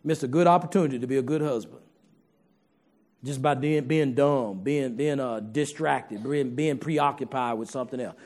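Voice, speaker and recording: A man's voice: mid-range voice, moderate pace, darkish tone. A man preaching a sermon to his congregation in a folksy, humorous way, talking straight to the listeners.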